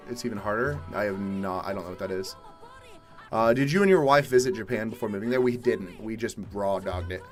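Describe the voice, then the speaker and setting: Laid-back swearing young American man streaming. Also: medium pitch. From Atlanta, Georgia, USA. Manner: laid-back, swears casually, bursts into loud exasperated rants. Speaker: livestream host. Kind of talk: casual live-stream chat reading viewer questions. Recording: faint music behind.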